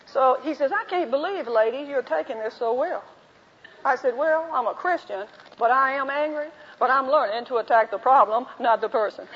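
A woman's voice: sits high, a little fast, slightly rough. A woman teaching a women's group, telling a story and acting out both sides of the conversations. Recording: dull lo-fi recording in a reverberant hall.

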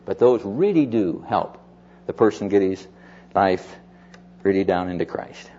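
A man preaching a sermon, telling stories of people he counselled and quoting them as he goes. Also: a little slow. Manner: animated storyteller, quotes others in lowered voice. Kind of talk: sermon with storytelling. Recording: dull lo-fi sermon recording.

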